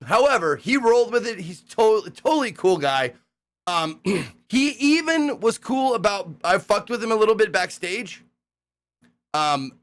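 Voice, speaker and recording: A young man tells stories from a recent hosting gig in a loose, rambling way, swearing freely and bursting into excited voices when he quotes people. His pitch sits a little high and swings widely as he talks. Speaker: streamer recapping a hosting gig. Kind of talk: casual storytelling recap.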